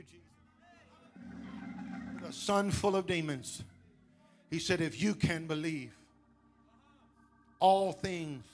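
Preacher, male, emphatic, slightly high voice, music playing behind. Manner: emphatic preaching with call-and-response. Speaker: pastor. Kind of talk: sermon. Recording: preaching over loud music.

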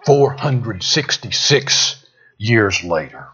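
A male preacher delivering a dramatic sermon, swinging from loud emphatic peaks down to hushed near-whispers. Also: on the low side, animated, slow. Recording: dull lo-fi sound.

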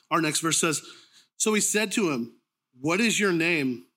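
A man preaches in a loose, conversational way, stumbling and restarting as he thinks aloud. His voice sits a little high for a man and has a bright, forward edge. Now and then he pauses to clear his throat. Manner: informal, conversational preaching with frequent ums and restarts. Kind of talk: sermon.

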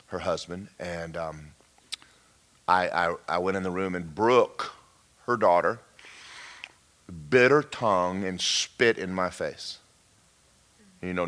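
A man preaching a storytelling sermon, folksy and animated, with joking asides and sudden shouts. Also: sits low.

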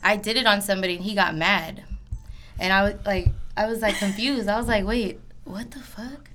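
A woman's voice: medium pitch, steady tone, fairly quick, sharp tone. A young woman barber chatting casually, slangy and swearing freely. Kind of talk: casual chat.

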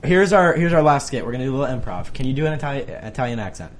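A man's voice: medium pitch, big pitch swings, rapid-fire, a little hiss or hum. A man co-hosting a casual chat, joking and teasing the guest. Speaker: podcast co-host.

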